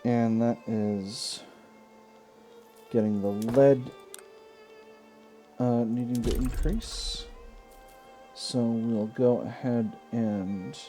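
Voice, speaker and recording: A man's voice: medium pitch, fairly even intonation, very slow, pauses often, mellow, soft background music. A man hosting a strategy game let's play, talking casually and thinking aloud with asides and self-corrections. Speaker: gaming video host.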